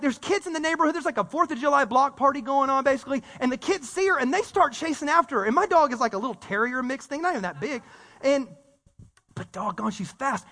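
High-voiced preacher in a hall. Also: male voice. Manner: storytelling, animated, repeats words, casual slang. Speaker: pastor. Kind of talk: sermon. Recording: long reverb of a church hall.

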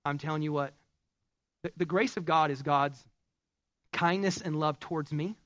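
A man's voice: a little high, normal speed, a bit bright, no echo. A man preaching a sermon as pastor, talking conversationally and building to fervent call-and-response.

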